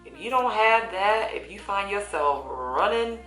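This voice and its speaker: A woman's voice: mid-range voice, animated, unhurried, fairly bright tone. A woman in her thirties chatting casually while doing her makeup, laughing often and using folksy slang. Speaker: beauty vlogger. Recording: echoey room with faint music.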